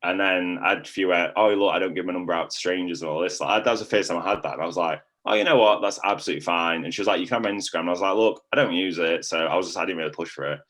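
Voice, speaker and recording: A man's voice: deep voice, racing, hardly any pauses, fairly bright tone. A young man, chatting casually in a testimonial and rambling with lots of filler words. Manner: rambling, heavy use of "like" fillers. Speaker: coaching client.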